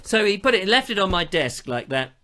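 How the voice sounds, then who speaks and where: Middle-aged man, bright and forceful tone, chatty live-stream host. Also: high-pitched, sing-song, brisk. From England. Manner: chatty, theatrical storytelling with playful asides. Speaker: show host. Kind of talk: casual live-stream chat.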